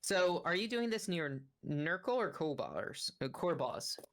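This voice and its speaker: A woman's voice: lowish voice, sing-song, measured pace. A woman narrating a tabletop game as game master, rambling with lots of fillers. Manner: rambling, full of "like" and "kinda".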